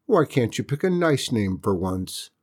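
A woman's voice: a bass voice, sing-song, unhurried, a little mellow, slightly rough, heavily acted. Woman doing a dry, unimpressed young boy. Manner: dry, matter-of-fact. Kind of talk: storybook character voice.

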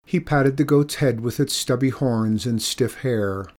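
A man reading a children's story aloud in a measured, expressive way. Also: mid-range voice.

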